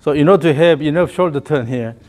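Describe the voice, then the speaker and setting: A man's voice: on the high side, quick pace, a little mellow. A man giving a hands-on golf lesson, explaining the swing and calling out short repeated cues in rhythm. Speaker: golf coach.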